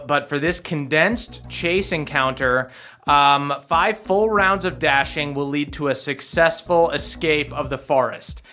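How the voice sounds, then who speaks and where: A man's voice: fairly high pitch, pushed and bright. A man narrating and explaining the rules as game master of a tabletop game, with fillers.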